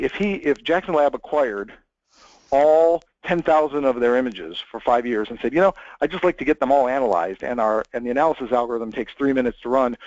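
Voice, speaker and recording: A man's voice: mid-range voice, a little mellow, no echo, highs cut off. A man giving a conversational technical webinar presentation, chatty, with many fillers and restarts.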